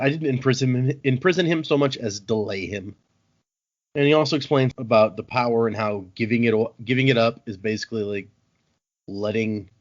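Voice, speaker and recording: A man casually recaps a book chapter on a podcast and keeps slipping into playful voices for the characters. The audio is a bit dull and lo-fi, like a home recording. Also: mid-range voice. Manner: animated, acts out characters' lines. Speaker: podcast host.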